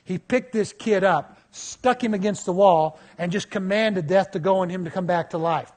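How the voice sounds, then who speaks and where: Male preacher, 50s, high-pitched, animated sermon storyteller. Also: normal speed.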